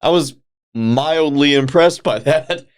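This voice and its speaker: A man's voice: fairly high pitch, takes it slowly, clear, resonant tone. A man co-hosting a podcast, chiming in with jokes and short agreements in casual chat. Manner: jokey interjections, short agreeing replies. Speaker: podcast co-host.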